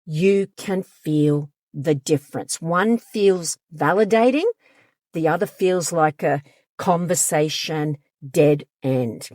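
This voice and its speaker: Slow, low-voiced woman giving advice. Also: darkish tone, no room sound, studio quality. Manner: direct, emphatic, acts out quoted lines. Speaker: counsellor and channel host. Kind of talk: advice monologue to camera.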